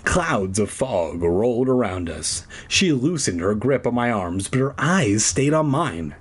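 A man's voice: mid-range voice, big pitch swings, a little slow, slightly rough. A man reading a children's horror book aloud in a comedic way, breaking off into sarcastic, profane rants. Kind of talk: comedic read-aloud with ranting asides.

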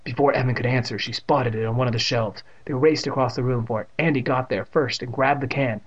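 A man's voice: medium pitch, fairly even intonation, fairly quick, slightly rough, lo-fi sound. A man reading a storybook aloud in a casual manner, adding offhand asides. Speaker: reader. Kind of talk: storybook narration.

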